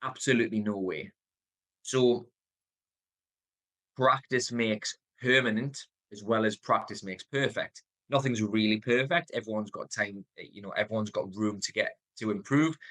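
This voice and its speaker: A man's voice: fairly low pitch, a bit bright. Geordie man, emphatic sales coach. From North East England. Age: 30s. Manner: varies tone and pace, deliberate pauses, emphatic. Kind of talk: motivational coaching talk.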